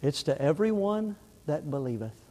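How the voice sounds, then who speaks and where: A middle-aged man preaches from the pulpit with fervor, his voice pitched high and swinging from loud to hushed. The church has a long, ringing reverb. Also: very animated, moderate pace. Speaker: pastor. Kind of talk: sermon. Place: church sanctuary.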